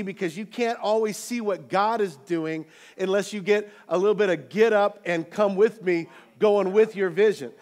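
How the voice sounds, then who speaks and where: A male pastor preaching a sermon to his church, moving between loud, animated calls to the congregation and relaxed, joking storytelling. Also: high-pitched. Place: church auditorium.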